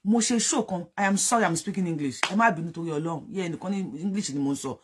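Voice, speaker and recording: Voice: mid-range voice, racing, background noise. A speaker from Nigeria with a Yoruba accent gives fervent, accusing political commentary, repeating phrases for emphasis and switching between English and Yoruba.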